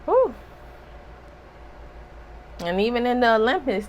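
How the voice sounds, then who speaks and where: Slow, bright-voiced woman giving a spiritual reading. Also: a little high, lively intonation, dull audio, slight background noise. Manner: emphatic and preachy, with rhetorical asides. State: slightly hoarse. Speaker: spiritual reader.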